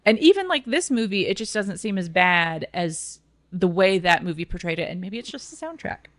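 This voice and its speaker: A woman's voice: on the low side, animated, normal speed, no echo, clean studio sound. A woman on a movie podcast panel, talking hesitantly and restarting her sentences in casual chat. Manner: hesitant, restarts, laughs often.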